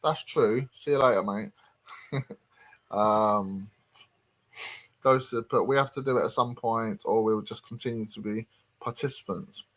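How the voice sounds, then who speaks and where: A man's voice: on the low side, unhurried, pauses often, fairly bright tone. A man hosting a casual livestream chat, reading out viewer comments with lots of hesitant ums. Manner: reads viewer comments aloud, chatty and hesitant. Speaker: host.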